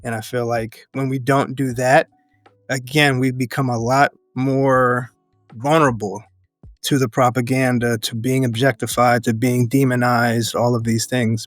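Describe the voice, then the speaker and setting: An earnest man speaking as an interview guest, his voice sitting at a middle pitch for a man. He thinks aloud in measured, restarting phrases and breaks into laughter often. The sound is dry and close, with faint music under it. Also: no echo. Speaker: podcast guest, educator and activist. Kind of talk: reflective interview conversation.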